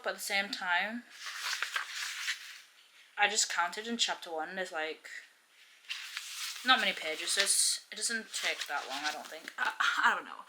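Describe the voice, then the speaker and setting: A woman's voice: medium pitch, very noisy. A young woman talking casually to her camera in a reading vlog. She rambles in a chatty way and gets emotional about the book. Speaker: book vlogger.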